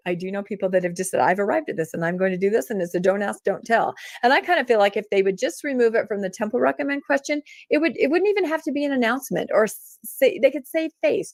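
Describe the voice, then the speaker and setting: A woman's voice: a little high, no echo. Laughing woman caller, dry sound. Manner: laughs easily, gives quick ratings. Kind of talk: casual chat. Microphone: video call.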